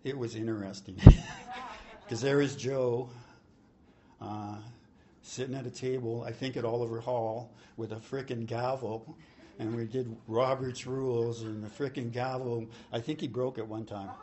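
A man's voice: medium pitch, flat delivery, a little slow, noisy background. A man sharing his recovery story at a convention, rambling, joking and swearing freely. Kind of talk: recovery-meeting share. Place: convention hall.

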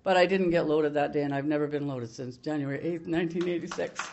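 A woman's voice: sits low, fast, highs cut off, heavy background noise. An older woman from Canada sharing her recovery story at a meeting, in a blunt, salty way with many restarts.

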